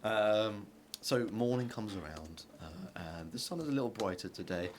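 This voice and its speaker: Low-voiced man running a tabletop game. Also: moderate pace. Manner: relaxed, casual, with frequent fillers. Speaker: game master. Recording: audible background noise.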